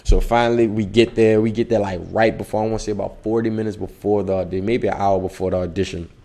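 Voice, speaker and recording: A young man, an actor, casually telling a story in an interview and acting out the dialogue with lively voices. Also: lowish voice, fast talker. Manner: animated, acts out dialogue in the story. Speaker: actor guest.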